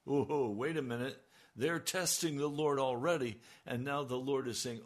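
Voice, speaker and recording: A man preaching a sermon, slow and emphatic, his voice rising on key lines. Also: mid-range voice, steady tone. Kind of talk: radio sermon.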